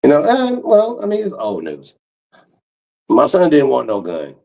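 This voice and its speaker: A middle-aged man doing stand-up comedy, telling stories in a brash, profane way with big swings in pitch. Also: wildly swooping pitch, a little slow, gravelly, darkish tone, distant mic.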